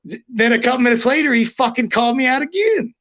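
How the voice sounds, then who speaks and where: Brash, swearing man with a high voice. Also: expressive, quick pace, muffled recording. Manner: blunt, swears constantly, acts out quotes loudly. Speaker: interview guest, former wrestler. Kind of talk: casual storytelling, profane.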